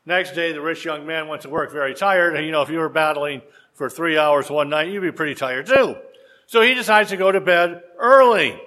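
A man preaching a sermon, telling a story with rhetorical questions and dramatic pauses. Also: on the high side, bright, forceful tone.

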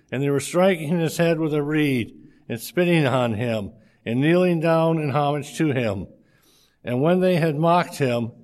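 A man reading a scripture passage aloud in a steady, measured way, with a few slips. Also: fairly high pitch.

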